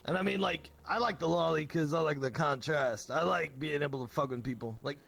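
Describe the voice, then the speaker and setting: A man guest talking in a deep, gravelly throat voice in a laid-back, swearing casual chat over a VR headset mic. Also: fairly quick, a bit bright, soft background music. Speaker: guest, streamer.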